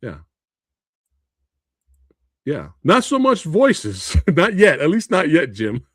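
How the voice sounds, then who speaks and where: Male movie-review streamer, expressive and incredulous, loose and profane, dry close sound. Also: on the high side, slow, no echo. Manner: animated, incredulous ranting with frequent laughs and swearing; reads and answers viewer comments. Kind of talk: live stream Q&A and review chat.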